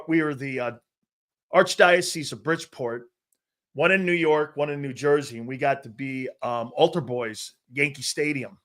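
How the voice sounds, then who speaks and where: A middle-aged man from Connecticut hosting a live sports talk show. He jokes loudly, laughs often and reacts to viewer chat with lots of fillers. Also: mid-range voice. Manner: excitable and jokey, loud outbursts, frequent laughs and fillers.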